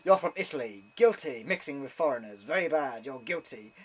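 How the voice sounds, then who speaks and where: A man voicing a stern male dungeon judge who shouts accusations at the crowd in a raised, harsh voice. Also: mid-range voice, expressive, brisk, husky. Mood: accusing. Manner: barking accusations.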